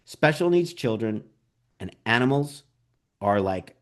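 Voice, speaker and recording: A man's voice: medium pitch, unhurried. Guy, documentary director in an interview, tells stories w lots of energy, acts out what people said, says "like" and "you know" a ton. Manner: animated storyteller, acts out quotes; frequent "like" and "you know" fillers. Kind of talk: interview conversation.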